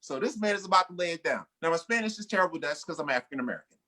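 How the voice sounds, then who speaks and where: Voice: mid-range voice, expressive, very fast, pushed and bright. An emcee hyping a small comedy-show crowd with joking introductions. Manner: hype-man energy, joking introductions.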